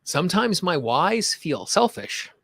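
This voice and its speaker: A man guides listeners through a tapping session, setting out calm, slow affirmations for them to repeat and breaking off for loose, chatty asides. His voice is bright and forward, and it is recorded dry and close with almost no room sound. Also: high voice, vocal fry, breathy edge, no echo. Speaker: tapping coach.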